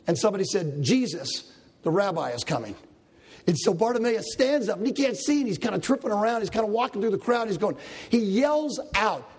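A man preaching a sermon as a pastor, telling Bible stories with animated delivery and acting out the characters' lines. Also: sits high, brisk, slightly rough.

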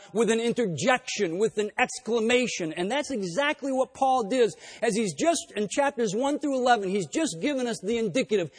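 A man preaching a sermon to his congregation, swinging between loud emphatic points and hushed intimate asides. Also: high voice. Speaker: pastor. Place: church sanctuary. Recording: breathy voice in a long-reverb hall.

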